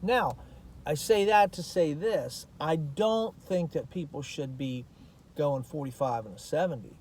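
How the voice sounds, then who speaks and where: A middle-aged American man with a fairly high-pitched voice talks in a casual vlog. His delivery is folksy and plain-spoken, and he vents with repeated asides and restarts. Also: unhurried, darkish tone, slight background noise. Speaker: vlogger.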